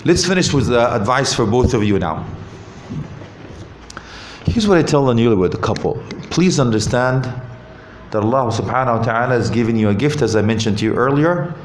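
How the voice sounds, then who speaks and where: A man giving a lively talk on marriage at a mosque, asking the audience questions and joking. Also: mid-range voice, normal speed, a little hiss or hum. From Canada. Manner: animated, asks the audience questions, jokes. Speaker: visiting Islamic speaker. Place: mosque hall. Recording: roomy hall with faint ambience.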